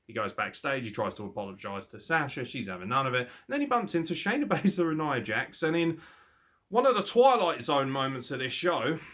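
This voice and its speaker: A man gives an opinionated, casual wrestling review in a mid-range voice. He is blunt and quick to swear, and his pitch leaps upward whenever he gets indignant. Laughter keeps slipping into his talk. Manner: animated, with big swings in pitch. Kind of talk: casual commentary.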